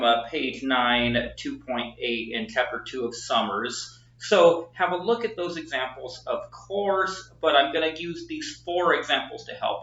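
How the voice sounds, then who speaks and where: A man teaching a recorded lesson at a whiteboard, explaining patiently and repeating words slowly with the stress marked. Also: a little high, pushed and bright. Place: classroom with a whiteboard. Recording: echoey room, dull lo-fi sound.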